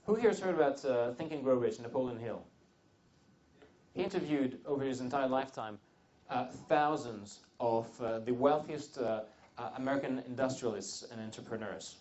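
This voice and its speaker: A man's voice: medium pitch, moderate pace, darkish tone. A man giving a live seminar talk to a room of attendees, rambling with frequent restarts and joking asides. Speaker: seminar speaker. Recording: dull lo-fi seminar recording.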